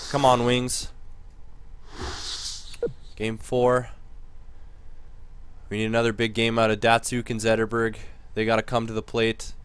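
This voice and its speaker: A man giving casual commentary over a hockey video game he is playing, muttering low between plays and getting louder when he cheers. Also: completely flat delivery, unhurried, pauses often, clear, resonant tone, no echo. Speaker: gaming commentator.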